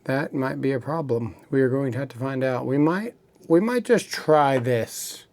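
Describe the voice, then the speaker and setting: A man's voice: medium pitch, normal speed, a little mellow. A man casually showing his work pouch and tools, talking as he works and a little out of breath. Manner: casual, talks while working with hands. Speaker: electrician tool reviewer. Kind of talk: casual tool demo. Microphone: small wireless clip mic.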